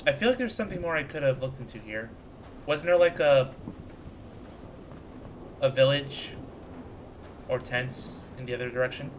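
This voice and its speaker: A man streaming a video game, thinking out loud in a chatty, self-mocking way. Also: medium pitch, animated, normal speed, long pauses, slight background noise. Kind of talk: casual let's-play commentary. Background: game music.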